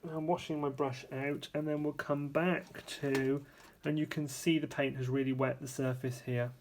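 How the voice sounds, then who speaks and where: A man giving a casual, hands-on painting tutorial, chatty and relaxed, thinking aloud and correcting himself as he works at a painting table. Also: fairly high pitch, moderate pace, a little hiss or hum. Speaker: art supplies reviewer demonstrating paints.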